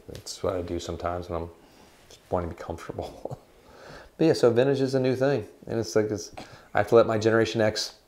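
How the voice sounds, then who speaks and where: A man in his forties with a lowish voice talks casually about guitars as a shop co-host. He rambles loosely from one story to the next and slips in deadpan jokes. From United States. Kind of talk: casual chat.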